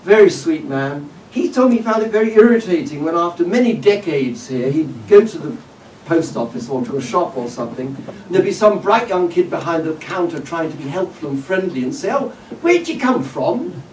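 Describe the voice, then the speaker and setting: A man giving a public lecture in a hall, measured and discursive, with frequent "uh" and "um" and occasional wry asides. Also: on the high side, expressive, a little mellow. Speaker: guest lecturer. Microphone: distant room mic. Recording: roomy hall audio from a distance with faint background noise.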